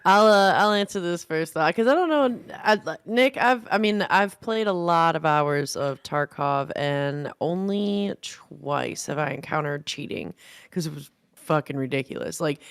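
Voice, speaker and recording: A woman co-hosting a gaming podcast in casual chat, blunt and quick to swear. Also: low voice, animated, clear, resonant tone, no room sound. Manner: blunt, profane, laughing. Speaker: podcast co-host.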